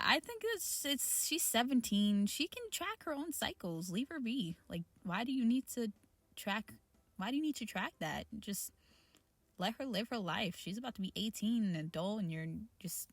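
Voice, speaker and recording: A woman's voice: mid-range voice, lively intonation, moderate pace, dry recording. A woman hosting a casual reaction video, reading posts aloud and ranting about them with frequent restarts. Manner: ranting, exasperated, restarts often. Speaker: reaction channel host.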